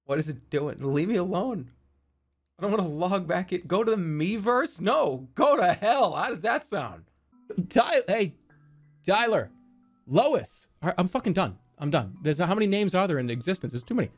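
A man's voice: sits high, very animated, normal speed, faint music behind. A man in his thirties giving playful live-stream game commentary, swearing and laughing.

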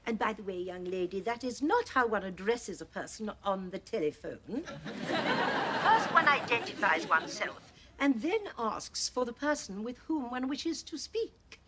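Stern, prim housekeeper; swooping pitch, noisy clip. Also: female voice, big pitch swings, normal speed. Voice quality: haughty, correcting. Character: prim, scolding woman housekeeper.

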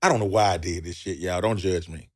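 A man's voice: low-pitched, quick pace. A man with a Southern US accent, telling a loose, profane story with laughs on a comedy talk show. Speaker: comedian guest.

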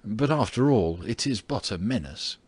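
Bold, hot-headed young swordsman in an audiobook, husky and lively, read by a man. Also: lowish voice, normal speed, dry recording. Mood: wry. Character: young bold male swordsman, brash and quick-tempered.

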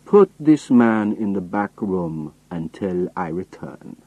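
A man voicing a calm, menacing old male villain who speaks quietly and without hurry. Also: low-pitched, takes it slowly, full character voice, poor audio. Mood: cold, calm.

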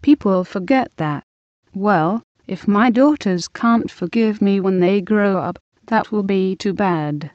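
A woman voicing a defiant, bitter young wife, reading slowly and evenly in a dull, dry recording. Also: medium pitch, a little mellow, dry recording, natural voice.

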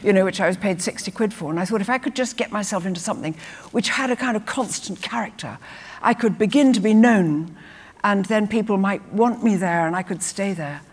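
An older woman, an actress, telling lively anecdotes on stage and acting out quotes. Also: mid-range voice, brisk, slightly rough. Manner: lively storyteller who acts out quotes. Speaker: guest actress. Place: festival stage before an audience. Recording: reverberant live hall.

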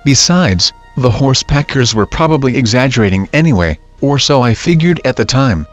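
Brief: male narrator for creepy internet stories, mid-pitched, steady delivery, dull lo-fi mix with faint music under it. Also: moderate pace. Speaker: story narrator. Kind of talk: scripted narration of scary stories.

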